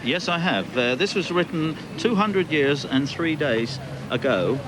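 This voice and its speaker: A man being interviewed, explaining a historic letter in a measured, informative way. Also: on the high side, expressive. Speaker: interview guest. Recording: outdoor noise.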